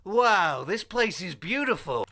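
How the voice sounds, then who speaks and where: A man's voice: high-pitched, very animated, slow pace, sharp tone, voice pushed up, heavily acted. A man voicing a clueless young male noob gamer with a wide-eyed, bewildered manner, recorded as video game voice acting takes. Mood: awestruck.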